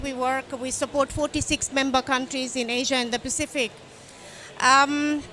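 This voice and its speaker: A high-pitched woman in her fifties speaks on a conference panel, bold and emphatic, with frequent "um"s and "uh"s. The soft hum of a conference pavilion sits faintly behind her voice. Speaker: panel speaker, development bank director. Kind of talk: impassioned panel remarks.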